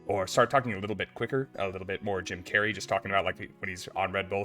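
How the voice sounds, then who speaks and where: Male host, low bright voice, casual self-deprecating chat, faint music underneath. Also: steady tone, rapid-fire, hardly any pauses. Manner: conversational, thinking aloud, self-deprecating. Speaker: podcast host.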